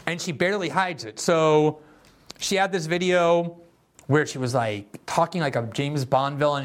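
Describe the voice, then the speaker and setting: A man's voice: fairly high pitch, moderate pace. A man hosting a political commentary show, talking in a sardonic, mocking, conversational way. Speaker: host.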